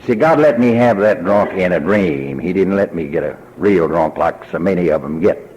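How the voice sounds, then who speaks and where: Older Texan man, convention speaker; low, husky voice; folksy storyteller who acts out the dialogue he remembers. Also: animated, normal speed, darkish tone, highs cut off. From Texas. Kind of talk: personal testimony.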